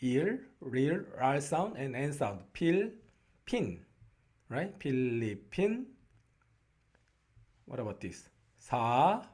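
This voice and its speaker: A man with a Korean accent teaching a beginner lesson, speaking slowly and patiently and often checking in with "right?". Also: medium pitch, very animated, a little mellow. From South Korea. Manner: slow, patient, repeats "right?" to check on learners.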